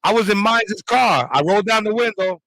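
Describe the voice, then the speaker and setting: A man co-hosting a podcast, telling a story in animated, slangy casual chat. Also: sits high, fairly quick. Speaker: podcast co-host.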